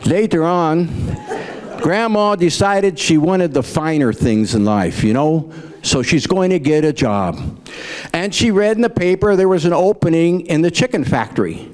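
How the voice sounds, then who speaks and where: Middle-aged male comic, folksy joke teller, slightly high, lively swooping pitch. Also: a little slow. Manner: folksy storyteller, acts out grandparents in raised voices. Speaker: stand-up comedian. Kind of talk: folksy stand-up joke telling.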